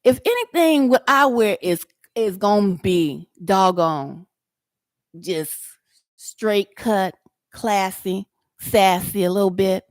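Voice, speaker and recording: A woman speaks slowly at medium pitch with lively intonation, recorded in clean studio sound without echo. As a YouTube commentator reacting to a man, she addresses him head-on in a mocking, confrontational way, drawling and repeating words for emphasis.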